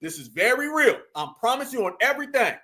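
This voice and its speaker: A man with a very high, bright voice delivers animated commentary. He is emphatic and preachy, hammering each point home with repetition and rising to near-shouts. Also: fast talker. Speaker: commentary channel host.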